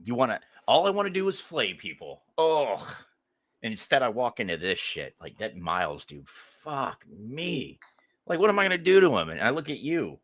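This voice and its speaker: A man co-hosting a podcast, telling jokes with animated storytelling in casual banter. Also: medium pitch, no room sound. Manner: animated storytelling, throws in quick impressions. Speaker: podcast co-host.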